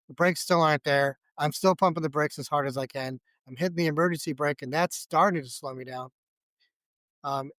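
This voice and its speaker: A man's voice: on the high side, a bit bright, smooth, no room sound. Rambling man telling a road story. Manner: rambling, self-deprecating, many fillers and restarts. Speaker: podcast guest telling a story. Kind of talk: casual storytelling.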